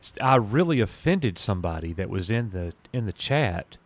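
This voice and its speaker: A man's voice: lowish voice, sing-song, moderate pace, no echo. Direct-talking man on a live stream. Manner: direct, rambling, laughs easily. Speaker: YouTube content creator, guest. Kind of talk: casual live-stream chat.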